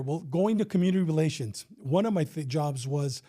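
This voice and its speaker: A middle-aged man tells a story in a relaxed guest chat with a somewhat high voice and a mellow, warm tone. He talks animatedly, acts out the lines of the people in it, and swears without a second thought. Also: brisk. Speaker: retired police officer, guest. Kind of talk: casual storytelling.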